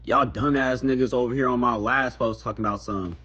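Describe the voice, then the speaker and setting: A man's voice: medium pitch, fairly even intonation, a little fast, sharp tone, slightly rough, highs cut off. A man ranting casually in a blunt, profane way. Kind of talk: casual rant.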